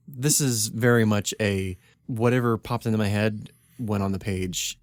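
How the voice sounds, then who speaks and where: A man's voice: lowish voice, unhurried, dry recording, studio quality. A man co-hosting a comedy podcast, reading his own script aloud with wry asides and frequent laughs. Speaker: podcast co-host.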